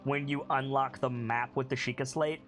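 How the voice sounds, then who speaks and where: A man's voice: medium pitch, fairly even intonation, moderate pace, fairly bright tone, soft background music. A man narrating and running a tabletop game as game master, casual and hesitant with fillers.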